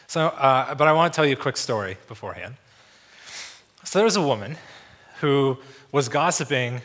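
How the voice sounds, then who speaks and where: A man's voice: mid-range voice, a bit bright. Casual, chatty man preaching a sermon. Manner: casual and conversational, with many fillers and restarts; tells a story, acting out the voices of the people in it. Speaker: visiting preacher.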